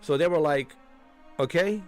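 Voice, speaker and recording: A man chatting casually during a game walkthrough, excitable and rambling, often swearing. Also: medium pitch, a little slow, faint music behind. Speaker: gaming streamer.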